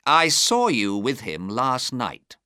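A man reads as a clever detective whose speech is measured and coldly polite. The voice sits well above the reader's low narrating tone and swings freely in pitch. It is bright and dry, recorded close up. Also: big pitch swings, smooth, dry recording, exaggerated voice. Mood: cool, assured.

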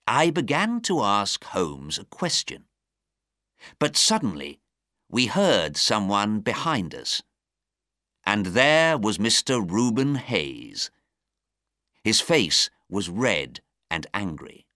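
Male storyteller, very slow, very animated pitch, bright tone, dry close sound. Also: dry recording. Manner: slow, careful, lively storytelling. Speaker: narrator. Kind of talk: storybook reading.

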